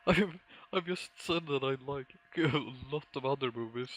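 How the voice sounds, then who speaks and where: A man's voice: medium pitch, normal speed, low-quality recording. Laughing, exasperated man in casual debate. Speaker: podcast co-host. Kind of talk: casual argumentative chat.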